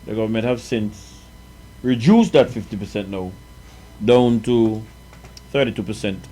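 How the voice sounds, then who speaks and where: A man's voice: on the low side, a little slow, dark tone, low-quality recording. Hesitant man giving his opinion. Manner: hesitant, rephrasing, frequent ums. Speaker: talk show co-host. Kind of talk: casual talk show discussion.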